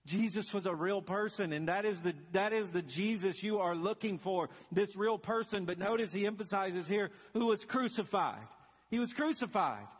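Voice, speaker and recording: Pastor guy preaching, high voice, tells the story big and dramatic, lots of hall echo. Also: normal speed, few pauses, breathy edge. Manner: dramatic storytelling, rising to emphatic peaks. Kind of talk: sermon. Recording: long reverb of a large hall.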